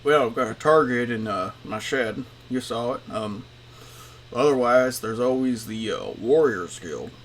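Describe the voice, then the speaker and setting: A man's voice: mid-range voice, measured pace, fairly bright tone, a little hiss or hum. Casual male game master. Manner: casual, filler-heavy narration. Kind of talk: narrating a tabletop game.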